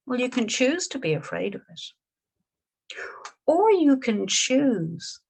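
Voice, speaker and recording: A woman, a Buddhist teacher telling a story in a dharma talk, gentle and unhurried with small restarts. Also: medium pitch, breathy edge.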